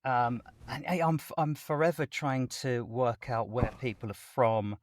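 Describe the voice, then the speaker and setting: Guy on a podcast interview, chatty and animated, talks on and on about his craft. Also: mid-range voice, a little slow, no echo. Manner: chatty, animated, explains at length. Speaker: voice actor guest. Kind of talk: conversational interview.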